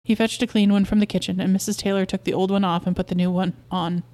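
A woman podcast host reading a short story aloud in a steady, even narration. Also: mid-range voice, fast.

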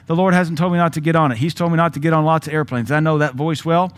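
A male pastor with a Southern American accent preaching a sermon, animated and conversational, with sudden loud commands and mock voices. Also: a little high, quick pace.

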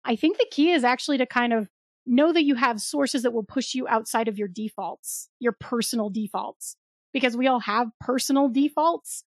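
Brief: female co-host, high voice, dry close sound, playful and giggly. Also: moderate pace, dry recording. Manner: laughs often, playful. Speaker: podcast co-host. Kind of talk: casual chat.

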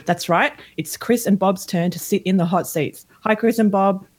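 A woman's voice: medium pitch, moderate pace, slightly rough. Woman hosting a podcast chat. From Australia. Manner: friendly, asks questions in a relaxed way. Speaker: guest host. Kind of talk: casual podcast interview.

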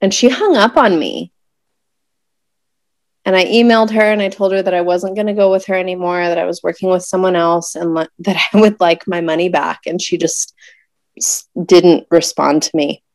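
A woman in her thirties recounts a painful personal story in an unhurried, conversational way. Her voice sits low for a woman, recorded close and dry with no room sound, and she pauses often and reaches for words. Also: steady tone, dry recording. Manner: emotional, searching, many pauses and fillers. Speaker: guest telling a birth story.

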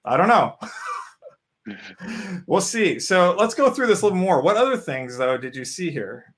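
A man hosts an interview in a relaxed, casual way. He keeps the tone upbeat and sprinkles in "you know" and "um" as he talks, and his voice sits slightly above the usual male range. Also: sits high, moderate pace. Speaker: show host.

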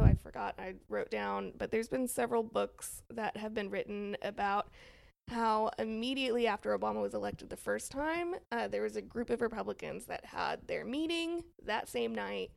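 A woman's voice: fairly high pitch, gravelly. A woman co-hosting a casual political chat podcast, rambling with many fillers and frequent laughs. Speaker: podcast co-host.

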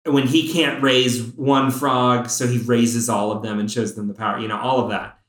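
Excitable man chatting, roomy sound. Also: medium pitch. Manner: excited fan, speeds up and slows down. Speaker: podcast co-host. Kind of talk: casual chat. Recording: roomy echo.

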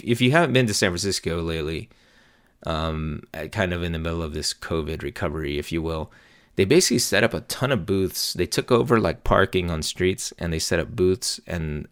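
Gravelly deep-voiced man in his forties. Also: no echo, studio quality. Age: 40s. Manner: rambling, profane, laughing storytelling. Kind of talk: casual anecdote.

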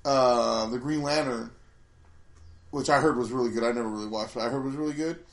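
A man's voice: medium pitch, brisk, echoey room. A man casually chatting as a podcast co-host, rambling with many restarts. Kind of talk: casual chat.

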